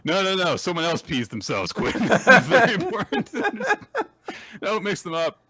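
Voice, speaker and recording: A man's voice: high voice, wildly swooping pitch, moderate pace, pushed and bright. A man hosting a podcast, casually and animatedly retelling manga chapters and laughing along. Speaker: podcast host.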